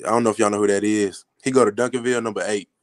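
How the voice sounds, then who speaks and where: A teenage football recruit answering interview questions politely and briefly. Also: male voice, lowish voice, fairly even intonation, very fast. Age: teens. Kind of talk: casual interview.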